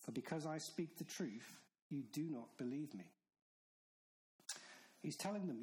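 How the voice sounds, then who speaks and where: A man delivering a sermon, his voice sitting a little high for a man. He preaches in an earnest, stern way and drives his points home through repetition. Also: expressive, a little slow, pauses often, darkish tone, low-quality recording. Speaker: pastor.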